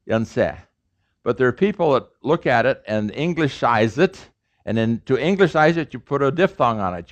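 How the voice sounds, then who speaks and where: A man's voice: mid-range voice, a bit bright. A middle-aged man, a professor, lecturing an audience on pronunciation and repeating sounds emphatically to demonstrate them. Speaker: professor teaching a language class.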